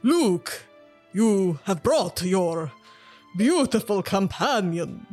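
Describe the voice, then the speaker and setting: A woman's voice: medium pitch, animated, darkish tone, faint music behind. A woman voicing a boisterous, dim-witted middle-aged nobleman who talks in a theatrical, effusive way. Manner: theatrical and effusive, slow and grand.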